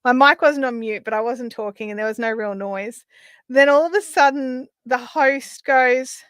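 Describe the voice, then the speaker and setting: Middle-aged Australian woman, craft-stream host, fairly high voice, rambling and chatty, close dry sound. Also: normal speed, smooth, no room sound. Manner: chatty storytelling, often trailing off into quiet asides. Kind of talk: casual chat while crafting.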